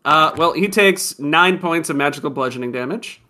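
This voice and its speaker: A man's voice: on the high side, moderate pace, sharp tone. A man playing a tabletop game, explaining rules and laughing at his own turn. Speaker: player. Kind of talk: casual tabletop game play.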